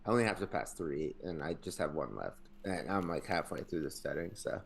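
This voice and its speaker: A man's voice: low voice, lively intonation, fairly quick, vocal fry, a little hiss or hum. A man co-hosting a podcast in casual chat, laid-back and wry, teasing the other host.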